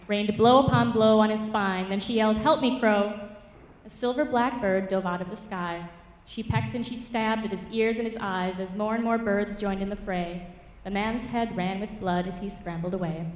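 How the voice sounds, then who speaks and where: A woman mentor reading her own rhyming fable aloud at a public reading, with rhythmic, expressive storytelling. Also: medium pitch, normal speed. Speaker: writing mentor. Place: church hall at a public reading. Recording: echoey church hall from far off.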